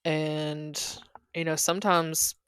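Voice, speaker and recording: A woman's voice: sits low, flat delivery, slow pace, fairly bright tone, clear, resonant tone, no room sound. A woman co-hosting a podcast, chatting thoughtfully about an album and a book. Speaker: podcast co-host. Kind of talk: casual chat about an album.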